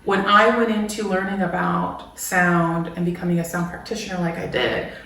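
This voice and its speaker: Woman guest, warm-spirited storyteller, slightly distant mic with heavy room echo and faint background noise. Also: fairly low pitch, moderate pace. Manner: animated storyteller who acts out quotes with laughter. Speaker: guest, sound bath practitioner and business coach. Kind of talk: casual conversation.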